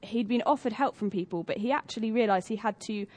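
A young woman with a British accent delivers a church sermon in a relaxed, conversational way. Her voice sits a little on the high side. She tells stories by acting out each character's lines. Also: fast talker. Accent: British English. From Britain. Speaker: church speaker. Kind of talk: sermon talk.

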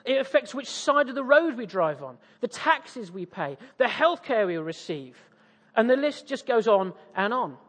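A man's voice: very high-pitched, sing-song, normal speed, fairly bright tone, big-room sound. A man from East Anglia with an English accent, preaching a sermon with audience interaction, jovial and self-mocking. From East Anglia, England.

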